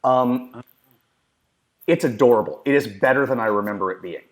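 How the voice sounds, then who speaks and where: A man's voice: medium pitch, normal speed. A man co-hosting a movie podcast in casual chat, enthusiastic and emphatic with a joking streak. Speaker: podcast co-host.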